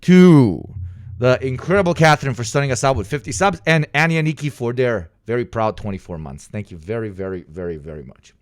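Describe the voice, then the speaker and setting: A young adult male streamer chatting casually with his viewers, swearing freely and swinging from exaggerated outbursts to low mutters. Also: expressive, brisk, dry recording, studio quality. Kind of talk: casual live stream chat.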